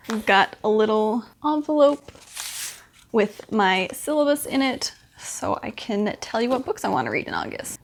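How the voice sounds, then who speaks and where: A woman's voice: mid-range voice, slight background noise. A young woman talking casually to camera as a book vlogger, chatty and upbeat, with lots of fillers.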